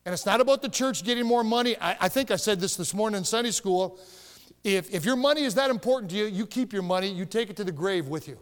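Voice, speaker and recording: Pastor, male, high-pitched, emphatic storyteller; church hall with long reverb. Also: fast. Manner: storytelling, emphatic, rising to shouts. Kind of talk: sermon. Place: church sanctuary.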